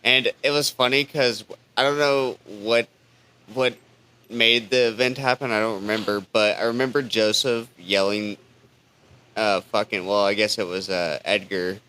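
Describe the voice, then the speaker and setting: A man with a bright, forceful voice tells a game story to his friends. He is animated and swears freely. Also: on the low side, unhurried, clean tone. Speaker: player and co-host. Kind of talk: casual chat, storytelling.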